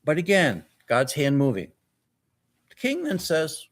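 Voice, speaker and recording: Animated, slow-talking male pastor. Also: a little high. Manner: animated storytelling, acts out dialogue. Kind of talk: sermon. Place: church.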